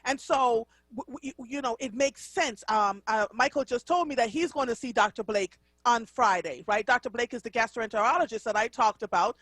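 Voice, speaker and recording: A woman's voice: a little high, moderate pace, fairly bright tone, no echo. Chatty middle-aged woman, dry studio sound. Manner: chatty, rambling, with restarts and asides. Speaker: radio host. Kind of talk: casual radio talk. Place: radio studio. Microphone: studio mic.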